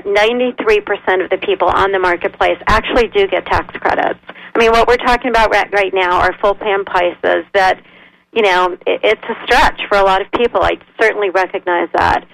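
A woman guest expert explaining health insurance options in a measured, informative way, with frequent ums. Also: mid-range voice, creaky, fairly bright tone, poor audio. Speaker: nonprofit executive director, guest expert. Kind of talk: radio interview.

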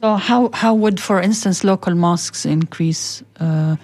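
A woman's voice: lowish voice, darkish tone. A woman co-hosting a radio talk show, introducing guests and asking short questions. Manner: brief, quick interjections and questions.

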